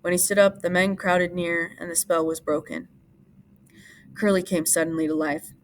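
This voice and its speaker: A teacher reading a novel aloud in plain, steady narration. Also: female voice, on the low side, normal speed.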